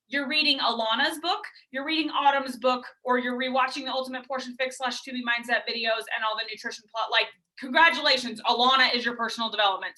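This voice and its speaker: A woman's voice: on the high side, bright, forceful tone. A woman leading a team call, giving blunt, emphatic coaching advice. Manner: blunt, emphatic, talks straight to her team. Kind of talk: team call pep talk.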